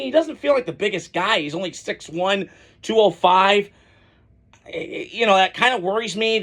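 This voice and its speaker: This man's voice sits high with a fairly bright tone. He runs a solo college football podcast, offering loose, opinionated takes that wander into asides and often start over.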